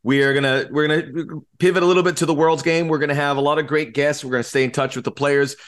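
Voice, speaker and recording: A man's voice: a little high, steady tone, fast talker, fairly bright tone. A man co-hosting a casual sports podcast, upbeat and joking, with frequent fillers. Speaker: podcast co-host.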